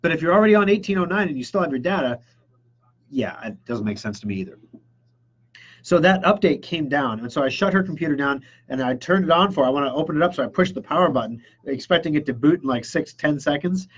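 A man's voice: on the high side, animated, fast, slightly rough, lo-fi sound. A man hosting a computer repair show, chatting casually and enthusiastically as he answers viewer questions and acts out customers' reactions. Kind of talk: casual live-stream chat answering questions.

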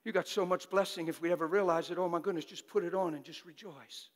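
A man preaching a fervent, exhorting sermon that bursts into shouting, in a church. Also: high voice, fairly even intonation, fast talker, long reverb tail.

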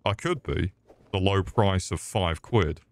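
A man's voice: sits low, unhurried, dry recording. A British man ranting crudely and swearing heavily while commentating a game on stream. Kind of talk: casual gaming stream commentary.

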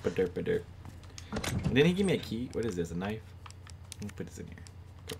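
In a noisy home recording, a man gives casual let's-play commentary on a horror game, giggling often, jumping at things and talking to the screen. His lowish voice is creaky, very animated and quick.

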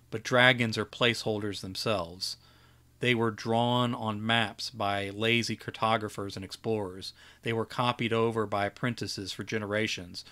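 A man's voice: on the low side, bright, forceful tone. A man reading his own fantasy story aloud during a live editing session, often stopping to restart and correct a phrase. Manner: reads slowly with frequent restarts and self-corrections.

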